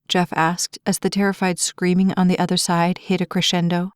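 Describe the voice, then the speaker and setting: A woman narrating an inspirational romance audiobook in a clear, measured storytelling voice. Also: fairly low pitch, little pitch movement, no echo, clean studio sound.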